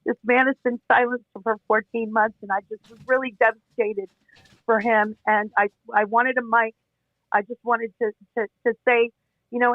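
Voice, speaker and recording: A man's voice: extremely high pitch, flat delivery, moderate pace, dry recording. A man hosting an online audio room, speaking in an emotional, teary, apologetic way. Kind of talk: casual group call. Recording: phone-like, thin audio.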